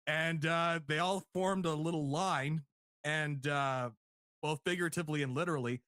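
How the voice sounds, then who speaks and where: Guy co-hosting a wrestling podcast, kinda high voice, laughs a lot, dry close sound. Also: normal speed, no echo. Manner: animated, laughs often, acts out quotes in higher voices. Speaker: podcast co-host. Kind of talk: casual review chat.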